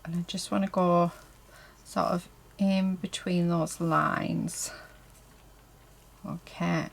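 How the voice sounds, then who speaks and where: A woman's voice: fairly low pitch, flat delivery, takes it slowly, gravelly, rough recording. A woman chatting casually while she paints a craft project, talking to herself and her viewers and filling her speech with "so yeah" and "um". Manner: chatty, heavy on fillers like "so yeah" and "um". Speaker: crafting vlogger. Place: indoors at a craft table.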